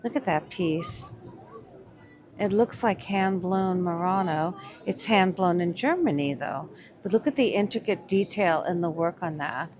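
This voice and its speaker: Slow, gushing woman at a market. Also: on the low side, expressive, a little mellow. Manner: gushing, enthusiastic, admiring. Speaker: vlog co-host shopping a market. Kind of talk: casual on-location commentary. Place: winter market.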